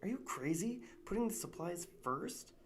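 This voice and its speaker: A man voicing a jumpy young male cave explorer in a storybook reading, sometimes hushed and whispering. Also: on the high side, big pitch swings, measured pace, vocal fry, slight background noise, voice pushed up, exaggerated voice. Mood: startled.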